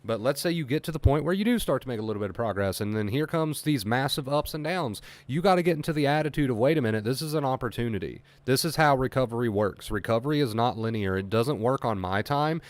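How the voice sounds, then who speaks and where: A man's voice: medium pitch, expressive, fast, few pauses, no echo. A man talking earnestly as an anxiety recovery coach on a livestream, emphatic and repeating his key points. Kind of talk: motivational livestream talk.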